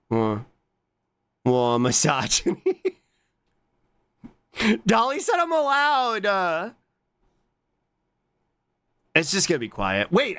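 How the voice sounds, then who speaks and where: Excitable streamer man, lively pitch. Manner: excitable, swears a lot, jumps to squeaky high greetings. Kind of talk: casual stream chat.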